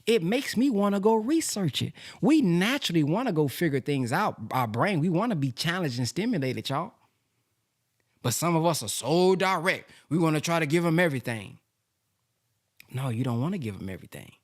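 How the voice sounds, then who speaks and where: A man presenting a sales lesson from slides in a lively, casual way, with slang, talking straight to his audience. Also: fairly high pitch, moderate pace. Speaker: presenter teaching a sales system.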